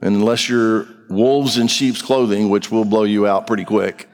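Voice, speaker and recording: A man's voice: on the low side, level tone, normal speed. A middle-aged man preaching a sermon as pastor, talking directly and bluntly to his congregation with rhetorical questions. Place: church sanctuary. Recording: long reverb of a large hall.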